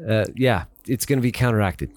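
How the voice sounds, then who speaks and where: A man co-hosting a casual political podcast, talking in lively, quick back-and-forth. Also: on the low side. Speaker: podcast co-host.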